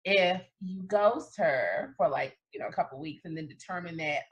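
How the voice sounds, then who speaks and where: A woman co-hosting a relaxed dating talk show. Her voice sits slightly low but moves a lot, rising and dipping as she teases with dry humor. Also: a little slow, few pauses, poor audio. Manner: playful, dry teasing with lively swings in pitch. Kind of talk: casual chat.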